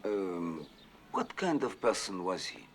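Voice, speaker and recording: A quiet probing inspector. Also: male voice, low-pitched, very animated, slow pace, a little hiss or hum, exaggerated voice. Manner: quiet, patient. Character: calm, probing police inspector. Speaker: police investigator.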